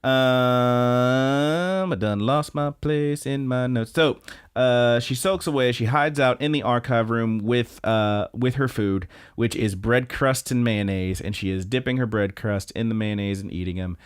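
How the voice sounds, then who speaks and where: A young man co-hosting a podcast, recapping anime episodes in a rambling, animated way and acting out character lines. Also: medium pitch, unhurried, clear, resonant tone. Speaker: podcast co-host. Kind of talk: casual anime recap chat.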